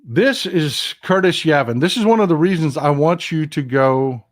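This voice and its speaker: Older male host of a political livestream, impassioned and emphatic, a touch higher-pitched, repeats himself for emphasis. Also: expressive, normal speed. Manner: reads viewer comments aloud.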